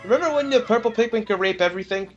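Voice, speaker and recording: A man narrating his own gameplay in a casual let's play, chatty and quick to laugh as he explains what he is doing. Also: high-pitched, animated, highs cut off, soft background music. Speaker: let's play host playing the game. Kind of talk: casual game commentary.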